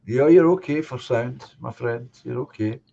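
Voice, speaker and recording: A man hosting a casual chat stream, affable and quick to acknowledge. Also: medium pitch, gravelly, muffled recording, a crowd in the background. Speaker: host.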